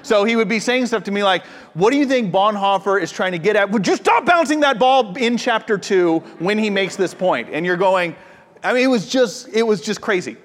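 A man in his thirties preaching a sermon, telling a personal story with lively, animated delivery and acting out the quoted voices. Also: sits high, in a large hall. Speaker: pastor.

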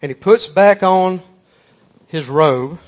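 A man's voice: high voice, slow. A man preaching a sermon, telling a folksy story with emphatic repeated phrases.

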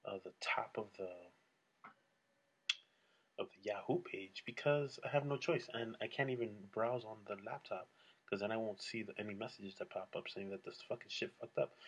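Husky, low-voiced man ranting casually. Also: fairly bright tone. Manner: profane, blunt, rambling. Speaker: solo vlogger. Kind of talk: casual solo rant.

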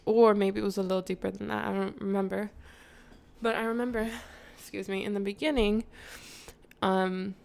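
A woman vlogger with a gravelly, creaky voice, telling a personal story to her viewers. Her pitch sits in a middle range. She talks frankly in slang, laughs often and wanders into side remarks. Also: steady tone, normal speed, darkish tone. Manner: chatty, digresses, addresses viewers. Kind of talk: candid storytime.

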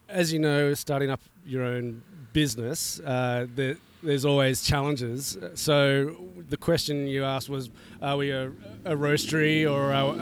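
On an easygoing outdoor podcast, a middle-aged man who roasts coffee talks with a medium-pitched, clean-sounding voice. He laughs frequently and sprinkles in lots of fillers.

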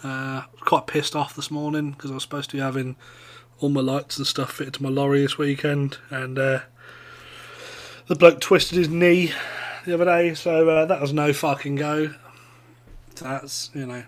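A man's voice: a little high, fairly even intonation, moderate pace. A man chatting on a podcast in a blunt, laid-back way, swearing casually as he talks about his week. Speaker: podcast co-host. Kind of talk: casual chat.

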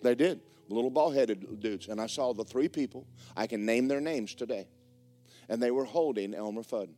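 A man preaching a sermon as the pastor of a church, telling a story in a lively way that swings between hushed and loud. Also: mid-range voice, moderate pace. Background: faint guitar music.

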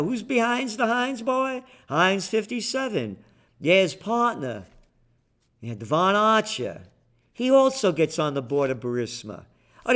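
A man's voice: on the high side, fairly bright tone. A man hosting a commentary show, ranting sarcastically about politics and markets with mocking name-calling.

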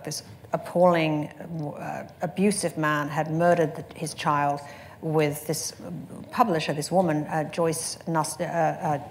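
A woman magazine editor in a panel conversation, telling brisk, chatty anecdotes and laughing often. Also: sits low, a little hiss or hum.

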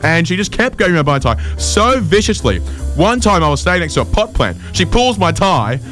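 A man, hosting a comedy show and telling rambling stories in a dry, deadpan way. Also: sits high, a little fast, faint music behind. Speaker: podcast host. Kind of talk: comedic storytelling and chat.

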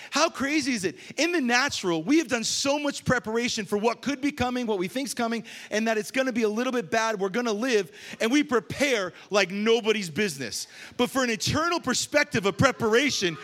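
A man preaching a sermon as a pastor, telling funny stories with sudden loud bursts. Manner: storytelling with humor, animated swings from low to loud.

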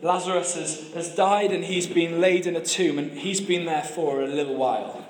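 A man's voice: on the high side, fairly even intonation, moderate pace, echoey room, slight background noise. A man preaching a sermon, telling stories with humor and often restarting his phrases. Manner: storytelling with humor and repeated restarts.

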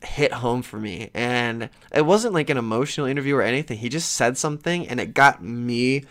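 A man's voice: mid-range voice, fairly quick. A man hosting a podcast, telling a long casual story that rambles, restarts and swears a little, and livening up as he retells conversations. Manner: lively when retelling conversations. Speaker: podcast host.

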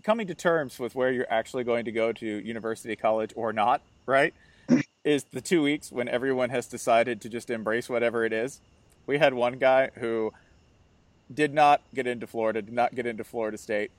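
Animated man telling a story, dry sound. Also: medium pitch, a little fast, no echo. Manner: animated storytelling, mimics people for laughs. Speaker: podcast co-host. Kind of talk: casual chat.

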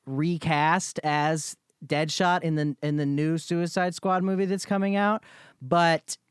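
A co-host talks through movie memories in a smooth, clean voice with no room sound at all. The speech often stumbles over its first words before settling into an explanation. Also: medium pitch, fairly even intonation, slow, dry recording, clean studio sound. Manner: stammers on starts, eager agreeing. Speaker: podcast co-host. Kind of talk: casual chat.

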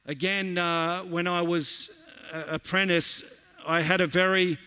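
A man preaching as a pastor, an animated storyteller who repeats lines for emphasis. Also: high-pitched, a little slow, clean tone. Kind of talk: sermon with storytelling.

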